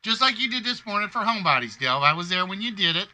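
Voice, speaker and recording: Bright-voiced, chatty male game show host. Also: high-pitched, big pitch swings, fast. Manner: chatty and playful, giving hints and joking with players. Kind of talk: casual live-stream game show hosting.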